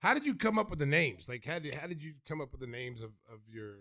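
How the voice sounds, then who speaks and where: Lively, bright-voiced male podcast host. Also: fairly high pitch, fast talker. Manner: playful, animated, joking. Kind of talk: casual podcast chat.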